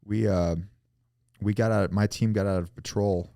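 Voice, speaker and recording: Man in his thirties, very low voice, casual and profane host, dry close sound. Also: steady tone, moderate pace, vocal fry, mellow, smooth, dry recording. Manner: casual, profane, agreeable with frequent yeahs. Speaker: podcast host. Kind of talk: casual podcast interview.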